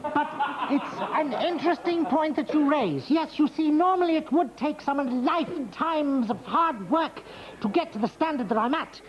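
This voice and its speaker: A man's voice: very high voice, lively intonation, moderate pace. An actor playing a vain, self-important older male dance tutor who boasts grandly in a children's TV comedy sketch. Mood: haughty. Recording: dull lo-fi TV audio.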